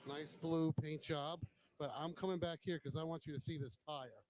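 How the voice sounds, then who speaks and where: A man's voice: on the high side, steady tone, moderate pace, darkish tone, low-quality recording. A man hosting a casual walkaround of a bike show, chatting admiringly and joking, recorded on a handheld camera as he walks. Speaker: host.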